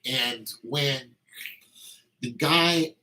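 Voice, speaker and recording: A man's voice: medium pitch, extremely slow, bright, forceful tone, poor audio. A man talking in a casual, meandering monologue, telling anecdotes with lots of fillers.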